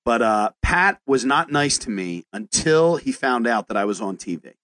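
A chef hosting a podcast chats casually, animated and profane, often stumbling into restarts as he tells stories. His voice is medium-pitched and his pace moderate.

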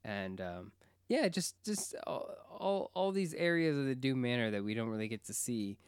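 A man's voice: mid-range voice, lively intonation, moderate pace, clean tone, dry recording, clean studio sound. A young man co-hosting a casual TV recap chat, rambling and enthusiastic with frequent fillers. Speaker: podcast co-host.

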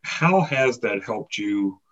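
A man interviewing a guest, asking long, halting questions filled with fillers. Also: lowish voice, lively intonation, fairly bright tone. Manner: measured, halting, many fillers. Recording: dull lo-fi sound.

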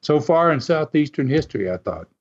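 A man casually telling an animated, folksy story and chuckling often as he goes. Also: fairly high pitch, fairly quick. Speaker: storyteller recalling wrestling TV. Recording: dull lo-fi sound.

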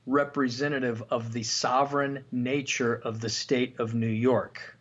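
A man's voice: mid-range voice, steady tone, unhurried, few pauses, fairly bright tone. A man hosting a podcast, reading legal documents aloud and asking questions as he explains them. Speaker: podcast host. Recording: dull lo-fi podcast audio.

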